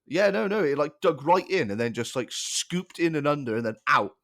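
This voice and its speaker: A man's voice: on the high side, expressive, normal speed, gravelly, fairly bright tone. A man co-hosting a podcast in casual chat, giggling often as he talks. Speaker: podcast co-host.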